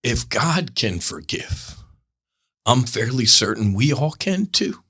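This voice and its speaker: A man's voice: medium pitch, very animated, takes it slowly, sharp tone, husky. A male podcast host telling a candid, rambling spiritual monologue in an earnest way, often breaking off and restarting his sentences. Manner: rambling, earnest, self-interrupting.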